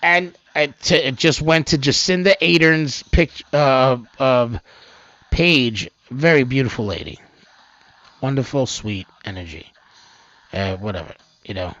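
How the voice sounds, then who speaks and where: A man hosting a homemade news channel, rambling through the stories with loud outbursts and low mutters. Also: unhurried, no echo. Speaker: host of an amateur news channel. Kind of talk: rambling off-the-cuff news commentary. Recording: dull, lo-fi, dry sound.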